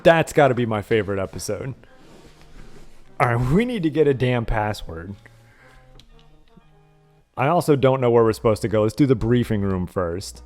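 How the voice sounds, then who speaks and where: A man's voice: mid-range voice, moderate pace, pauses often, soft background music. A man streaming a retro game, casually retelling a TV episode with lots of swearing and frequent laughter. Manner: profane, laughs often, animated storytelling.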